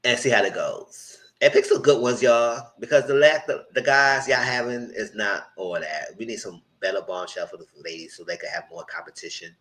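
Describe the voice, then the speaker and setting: A man's voice: lowish voice, moderate pace, few pauses, low-quality recording. A man hosting a live recap of a reality TV show, talking casually and acting out what the cast said. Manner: animated, acts out quotes in voices. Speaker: TV recap host. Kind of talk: casual live-stream commentary.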